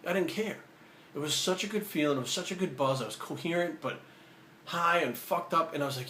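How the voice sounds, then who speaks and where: A man's voice: fairly high pitch, a little fast. A man hosting his own video channel, telling a story in casual, profane speech and acting out the dialogue. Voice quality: profane, animated, acts out the dialogue. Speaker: vlogger. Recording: roomy echo, faint ambient noise.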